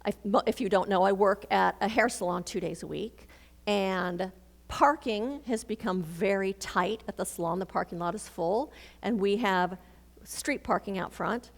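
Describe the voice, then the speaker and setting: A woman minister giving a sermon, telling a personal story and acting out the dialogue in it. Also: medium pitch. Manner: storytelling, animated, acts out dialogue. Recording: reverberant hall.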